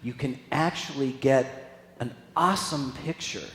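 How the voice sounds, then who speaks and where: A man's voice: medium pitch, unhurried, fairly bright tone. A man giving a casual spiritual talk as a guest speaker, chatting with the congregation and asking them questions. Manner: conversational, asks the audience questions. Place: spiritual center hall. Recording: echoey hall from a distance, faint room noise.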